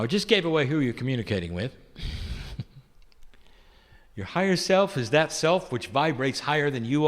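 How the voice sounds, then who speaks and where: A man channeling an ancient loving spirit entity that addresses listeners tenderly, asking rhetorical questions and chuckling softly. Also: medium pitch, lightly acted. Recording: long hall reverb.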